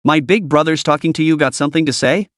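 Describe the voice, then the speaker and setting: A man voicing a brash, trash-talking male magpie beast who bullies others loudly. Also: on the high side, fast, dry recording, clean studio sound, close to an everyday voice. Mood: sneering bully. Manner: sneering, bullying, loud.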